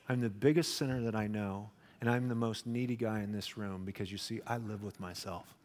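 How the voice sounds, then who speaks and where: A middle-aged man preaching a sermon to a congregation, swinging between loud animated questions and quiet confessional lines. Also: lowish voice, a little fast, hardly any pauses, big-room sound. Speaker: pastor. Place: church hall with congregation.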